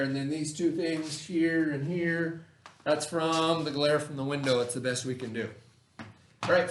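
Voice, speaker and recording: A male teacher talks a class of children through a lesson, patiently checking that they follow. His voice sits a little high. It comes from across the classroom, with echo from the room. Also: a bit bright, a little hiss or hum. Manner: patient, checks in with "okay?" and "right?". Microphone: camera across the room. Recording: echoey classroom, from far off.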